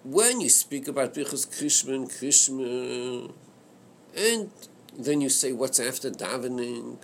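A Chassidic text teacher leads a Torah study class discussion, reasoning aloud slowly with hesitant stops and repeated words. His gravelly voice rises and falls in a lively way, and a faint hiss sits in the background.

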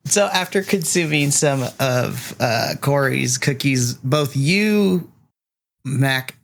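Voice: mid-range voice, animated, slow, gravelly, a little hiss or hum. Rambling game master narrating a scene. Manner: rambling with many likes.

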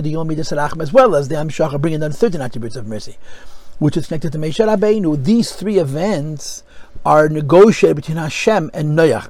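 A man leads a Chassidic study class, explaining a discourse line by line. His voice sits high, and the sound is dry and close. He drops in Hebrew terms and drives his points home with rhetorical questions. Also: a little mellow, no room sound, low-quality recording. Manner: explanatory, mixes Hebrew and Yiddish terms with English. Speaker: Torah teacher.

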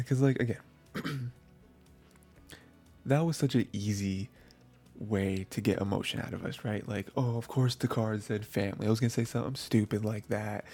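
Gravelly, rambling man reviewing anime. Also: fairly low pitch, darkish tone. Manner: rambling, many fillers and restarts. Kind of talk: casual episode review.

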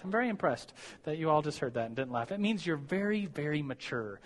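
A man's voice: on the high side, big pitch swings, brisk, big-room sound. A young man giving a chatty, self-deprecating sermon to college students, giggling and stumbling over his words. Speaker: preacher teaching college students. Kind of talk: casual sermon.

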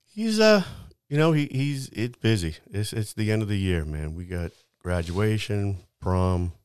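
A man's voice: fairly low pitch, expressive, a little slow, a little mellow, clean tone. A man in casual chat who mostly chimes in with short agreements and laughs.

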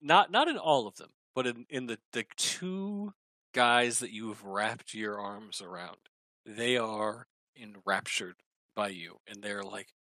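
A man's voice: lowish voice, expressive, measured pace, bright, forceful tone, dry recording. A man running a tabletop game as game master, narrating scenes and calling for rolls, often trailing off and restarting.

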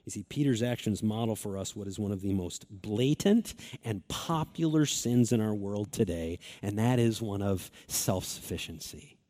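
A man preaching a sermon as pastor, earnest and emphatic, repeating key phrases and slowing down for stress. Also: fairly low pitch, lively intonation, warm tone. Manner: earnest, emphatic repetition, swings between quick and slow phrasing.

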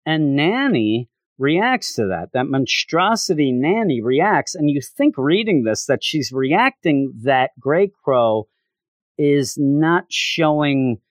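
A man talks through a comic book issue in a loose, rambling recap. His pitch moves a lot as he goes, and the sound is dry and close. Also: slow, no room sound. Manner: rambling, animated. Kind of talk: casual recap.

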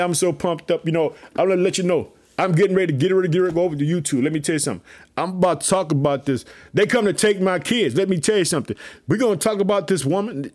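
A man hosting a podcast, giving animated, preachy commentary on a Bible passage with lots of repeated catchphrases. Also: sits high. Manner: energetic, preachy, repeats "let me tell you something". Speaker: podcast host.

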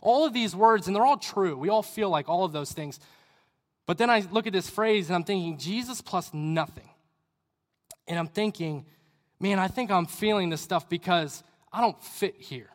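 High-voiced young man preaching in a hall. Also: moderate pace. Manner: conversational, acts out inner questions, drops to quiet asides. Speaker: youth pastor. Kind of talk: sermon. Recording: long hall reverb.

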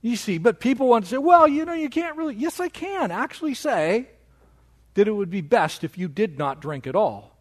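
A man preaching a sermon as pastor of his church, with animated delivery that mocks objections in a raised voice. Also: moderate pace. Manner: animated preaching, mocking quoted objections in a higher voice.

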